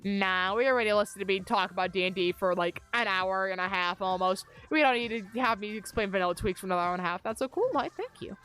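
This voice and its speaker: A woman's voice: mid-range voice, fast talker, few pauses, a bit bright, faint music behind. A young woman chatting casually and rambling on a gaming livestream from her upstairs bedroom, speaking into a desk mic on a mic arm. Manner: rambling, self-deprecating, chatty. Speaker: streamer.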